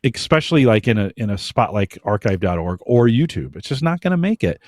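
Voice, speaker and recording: A man's voice: on the low side, big pitch swings, brisk, a little mellow, no room sound. A man co-hosting a podcast in casual chat, talking emphatically and giving strong opinions on a close mic. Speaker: podcast co-host.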